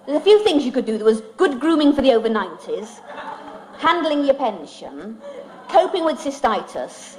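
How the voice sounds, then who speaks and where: A woman's voice: sits high, sing-song, moderate pace, a little mellow. A woman comedian, singing comic songs and doing dry, self-mocking stand-up in front of an audience. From England. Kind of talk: live stand-up and comic song. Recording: old vinyl record with music and audience.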